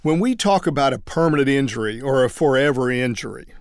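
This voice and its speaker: A trial lawyer teaching other lawyers how to persuade juries, telling a story and acting out everyday quotes. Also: male voice, medium pitch, lively intonation, a little fast, smooth, no room sound, clean studio sound.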